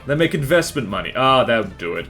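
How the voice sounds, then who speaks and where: A man's voice: medium pitch, sing-song, quick pace, bright, forceful tone, faint music behind. A man streaming a strategy game live, chatting with his viewers and reacting to the battles on screen as he rambles through his opinions.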